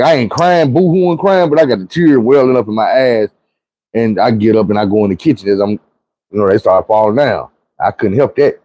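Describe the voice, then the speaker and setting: In a rough recording, a man in his forties with a fairly low, dark voice recounts a personal story. He speaks conversationally and with emphasis, often repeating "you know what I'm saying."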